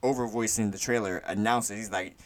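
Lively, jokey man co-hosting a podcast. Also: on the low side, fairly quick. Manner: animated, jokey, swears casually. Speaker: podcast co-host. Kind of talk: casual podcast chat.

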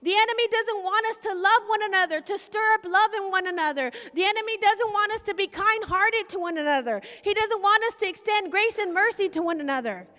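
Woman preacher, very high and bright, fervent repetitive delivery, long hall reverb. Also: a little fast, few pauses. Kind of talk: sermon testimony.

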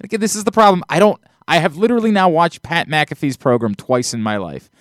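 A man's voice: a little high, animated, fairly quick, a bit bright, dry recording, studio quality. A man hosting a podcast in casual chat, rambling and exasperated, often restarting his sentences. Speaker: podcast host.

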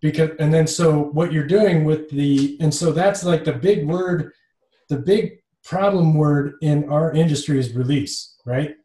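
A man hosts a casual podcast in a somewhat high voice, and the room gives it a noticeable echo. He explains in loose, restarting phrases and agrees often with his guest. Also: measured pace, dark tone. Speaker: podcast host. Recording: echoey room.

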